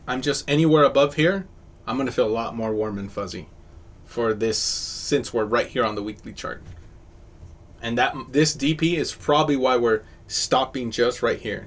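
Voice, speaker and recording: Male host, casual chart-analysis chat, mid-pitched, easygoing delivery. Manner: casual, upbeat, talks through charts. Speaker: host of a crypto chart show.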